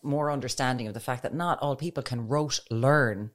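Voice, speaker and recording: A woman's voice: extremely low pitch, moderate pace. A woman, co-hosting a podcast in casual, joking chat. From Ireland. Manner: joking, self-mocking storyteller. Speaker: podcast co-host.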